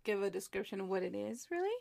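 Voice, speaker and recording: Young woman with a creaky voice. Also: mid-range voice, big pitch swings, fast, darkish tone. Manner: laughs often, casual, swears. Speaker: podcast co-host. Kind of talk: casual chat.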